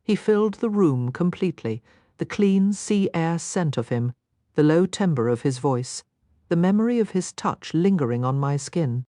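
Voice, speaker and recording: A woman reads a first-person romance audiobook, her voice low yet lively, swinging widely in pitch. Her delivery is intimate and expressive. The recording is close and dry, with no room around it. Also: normal speed, dry recording. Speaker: audiobook narrator.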